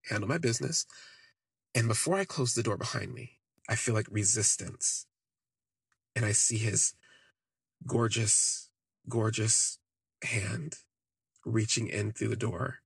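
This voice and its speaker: Guy with a husky kinda gravelly voice just rambling thru a story, lots of "like"s, dry close sound. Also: medium pitch, fairly bright tone, dry recording. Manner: rambling, frequent "like" fillers, candid. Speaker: podcast host. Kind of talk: casual first-person storytelling.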